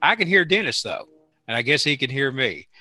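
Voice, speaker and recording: A man with a slight Southern accent co-hosting a casual chat show, self-deprecating and quick to chuckle. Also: medium pitch, big pitch swings, pushed and bright. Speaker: co-host.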